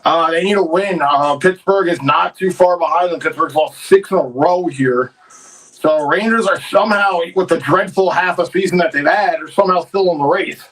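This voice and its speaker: A man co-hosting a sports livestream rants in a casual, opinionated way. His voice sits fairly high for a man and is picked up from a little way off the mic. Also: moderate pace, fairly bright tone, distant mic, poor audio. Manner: opinionated, frustrated rants about the team. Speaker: livestream co-host. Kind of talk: casual hockey chat.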